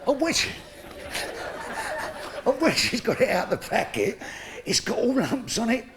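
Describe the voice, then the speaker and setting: A man's voice: very high voice, huge pitch swings, unhurried, crowd noise, noisy background. A man doing crude live stand-up comedy, brash and laughing at his own jokes.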